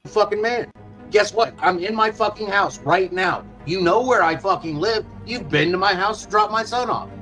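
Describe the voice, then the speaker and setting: A man's voice: high voice, moderate pace, bright, forceful tone, faint music behind, low-quality recording. A father speaking on a live panel in a heated, profane, confrontational rant. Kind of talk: angry rant.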